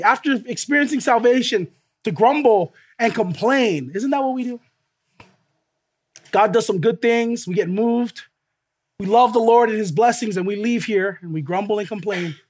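A preacher giving a sermon with emphatic, repeated phrases and rhetorical questions put to the listeners. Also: mid-range voice.

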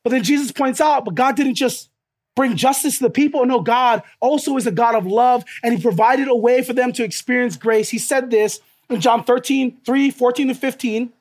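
Preacher in full sermon mode, keeps repeating lines for punch, asks the crowd questions, mid-pitched voice. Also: normal speed. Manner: emphatic, repeating key phrases; asks the listeners rhetorical questions.

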